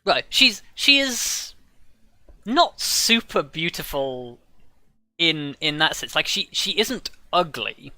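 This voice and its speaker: A man's voice: on the high side, sing-song, takes it slowly, pushed and bright, no room sound, faint music behind. A man running a tabletop game as game master, narrating in a hesitant, filler-heavy, amused way.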